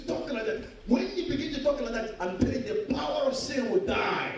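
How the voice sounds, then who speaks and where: A man's voice: very high voice, big pitch swings, moderate pace, some chatter behind, a little hiss or hum. A man preaching a sermon in an emphatic, exhorting way, repeating his key phrases. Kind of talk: sermon with call-and-response. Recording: echoey hall, from far off.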